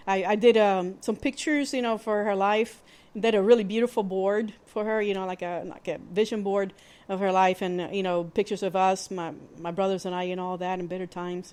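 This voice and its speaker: A woman hosting a podcast, telling a personal story in a candid, plainspoken way, with halting restarts and fillers. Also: medium pitch, a little mellow. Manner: candid and plainspoken, with mild swearing. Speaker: podcast host.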